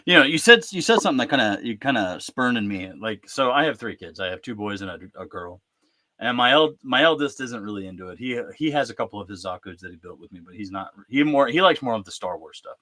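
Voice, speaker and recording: A man in his thirties hosting a casual live-stream chat, talking in a lively, chatty way and acting out bits of family conversation. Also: lowish voice, quick pace, no echo. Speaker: host.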